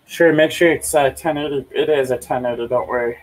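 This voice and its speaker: A man's voice: medium pitch, fairly quick, far from the mic, low-quality recording. A young man ranting heatedly at home, swearing a lot and repeating himself as he livestreams. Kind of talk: angry profane rant.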